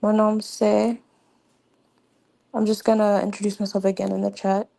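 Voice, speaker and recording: A woman's voice: medium pitch, little pitch movement, moderate pace, vocal fry, mellow. A young woman hosting a casual livestream, chatty and laughing often, with many fillers. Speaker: livestream host.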